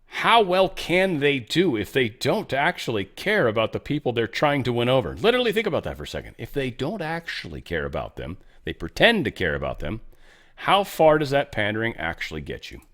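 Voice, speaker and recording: A man's voice: mid-range voice, wildly swooping pitch, brisk, a bit bright. A man runs a casual political commentary show in a blunt, opinionated voice. He reads posts and poll figures aloud.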